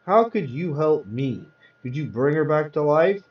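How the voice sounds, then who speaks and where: A man's voice: on the high side, lively intonation, a little slow. A man reading aloud, voicing a young husband frantic with grief in a hospital, with pleading, panicked outbursts. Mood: bewildered. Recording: roomy, distant, dull sound.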